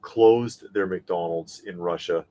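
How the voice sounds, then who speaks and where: Low-voiced opinionated man on a live stream. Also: slow, mellow. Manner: opinionated, rambling with fillers and restarts. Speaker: co-host of a live toy talk show. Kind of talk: casual live-stream chat reading viewer comments.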